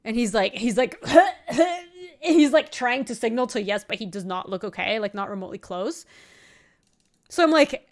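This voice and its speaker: A young woman streamer chatting casually while playing a card game, telling an animated story with laughing asides. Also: on the high side, normal speed. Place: home streaming setup.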